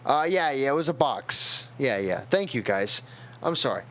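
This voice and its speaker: A man's voice: mid-range voice, lively intonation, fairly bright tone. Rambling young man telling a story. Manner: rambling, halting, emotional. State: tipsy. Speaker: streamer. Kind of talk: casual storytelling on a stream.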